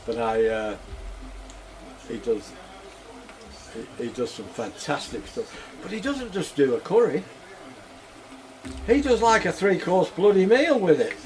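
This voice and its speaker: A man's voice: on the high side, fairly bright tone, a little hiss or hum. Rambling older man cooking. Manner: rambling, chuckling, plain-spoken. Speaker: cooking vlogger. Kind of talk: casual cooking chat.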